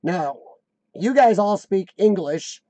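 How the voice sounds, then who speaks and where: A man's voice: sits high, lively intonation, slow, mellow, no room sound. An American man hosting a live stream, rambling casually and joking to his viewers. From United States.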